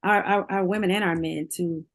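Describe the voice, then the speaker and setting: Candid woman guest, lowish voice. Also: fairly even intonation, moderate pace. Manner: candid, heavy filler use, laughs easily. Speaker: singer, interview guest. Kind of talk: emotional interview conversation.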